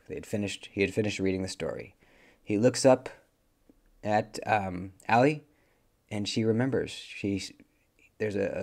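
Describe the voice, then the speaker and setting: Male movie reviewer, lowish voice, loose rambling recap full of ums and restarts. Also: creaky, darkish tone. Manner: rambling, many fillers and self-corrections. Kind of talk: casual plot recap.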